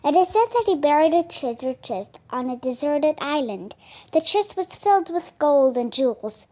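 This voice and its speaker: A woman reading a children's book aloud, careful and deliberate. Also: high-pitched, expressive, a little mellow. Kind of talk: storybook read-aloud.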